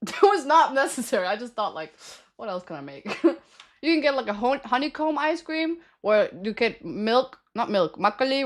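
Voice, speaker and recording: A woman's voice: on the high side, a bit bright. Giggly ranting young woman streamer. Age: young adult. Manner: giggly, ranting, swears freely. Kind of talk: casual chat with stream viewers.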